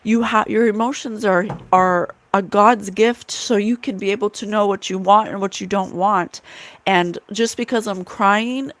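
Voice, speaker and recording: A woman's voice: medium pitch, fairly even intonation, a little slow. A woman hosting a spiritual livestream, talking earnestly to her chat and repeating key phrases for emphasis. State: tearful at times. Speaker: psychic livestream host.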